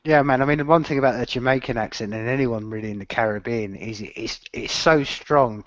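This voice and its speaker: A man hosts a conversational interview, halting and restarting as he feels his way toward each point. His voice sits in the middle pitch range. The recording is dry and close, with a dull, lo-fi tone. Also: no echo. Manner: halting, searches for words with many "uh" and restarts, says "man". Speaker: podcast host.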